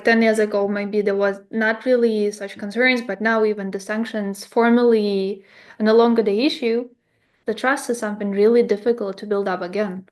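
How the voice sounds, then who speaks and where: Flat-toned woman interviewer. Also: mid-range voice. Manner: careful, hesitant phrasing with fillers. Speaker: podcast host, interviewer. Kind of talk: unscripted podcast interview.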